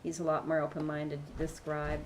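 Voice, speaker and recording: Low-voiced Canadian woman streaming a game. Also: completely flat delivery, a little fast, a little hiss or hum, rough recording. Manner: chatty, reads viewer chat aloud. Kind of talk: casual chat while gaming. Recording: loud game sound behind voice.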